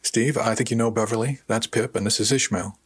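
Man reading a prickly sharp-tongued young woman, husky, a bit higher. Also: fairly even intonation, a little fast. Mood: wary. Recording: dry close recording.

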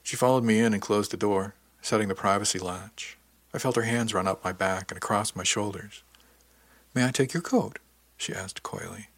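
Husky low-voiced man narrating. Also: fairly even intonation, fairly bright tone, dry recording. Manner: measured, intimate storytelling. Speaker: podcast audiobook narrator. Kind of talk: scripted first-person narration.

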